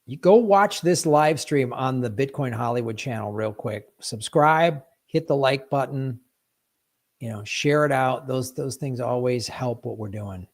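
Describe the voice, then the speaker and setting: A man's voice: mid-range voice, measured pace. A man hosting a live stream in casual chat, playful, breaking into sound effects and silly rhymes. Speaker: livestream host.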